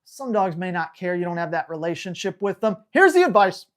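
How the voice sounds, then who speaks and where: A woman dog trainer answering viewer questions on a live stream, in a brisk, slangy and blunt way. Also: on the low side, very animated. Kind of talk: live Q&A, casual coaching.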